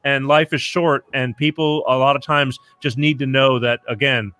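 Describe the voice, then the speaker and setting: Bright, rambling male podcast host. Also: mid-range voice, steady tone, moderate pace. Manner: rambling, frank, restarts and swears. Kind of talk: casual interview chat.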